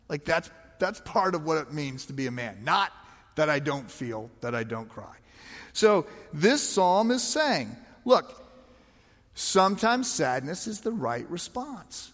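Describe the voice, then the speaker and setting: A man's voice: sits high, very animated, measured pace, a bit bright, big-room sound. A man preaching a sermon as a pastor, talking conversationally with emphatic rhetorical questions.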